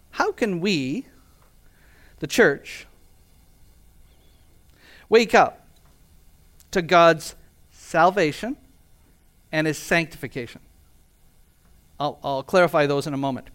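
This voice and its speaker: A male pastor delivers a sermon in a fairly high voice. He reads scripture and presses his points with earnest emphasis and rhetorical questions. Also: takes it slowly, pauses often, fairly bright tone. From Canada.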